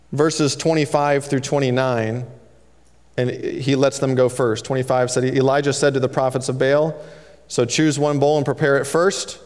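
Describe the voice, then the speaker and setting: Smooth-voiced male preacher in a reverberant hall. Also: medium pitch. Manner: conversational, retelling scripture in everyday paraphrase. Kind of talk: expository sermon.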